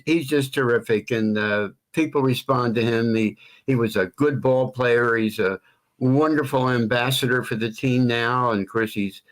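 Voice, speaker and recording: An older man, a longtime stadium announcer, talking in a measured way as a guest on a sports talk show, stretching names into melodic calls. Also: mid-range voice. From Philadelphia area.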